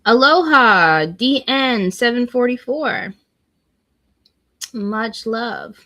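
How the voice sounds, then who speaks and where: A woman's voice: medium pitch, unhurried, fairly bright tone. A woman hosting a casual livestream, chatting with viewers and reading weather forecasts aloud. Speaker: livestream host.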